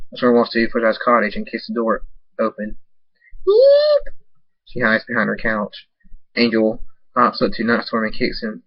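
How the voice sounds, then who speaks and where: A man reading a fan-written story aloud, halting now and then with restarts. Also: fairly low pitch, slightly rough, dry recording. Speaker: fan fiction reader. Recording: dull dry lo-fi recording.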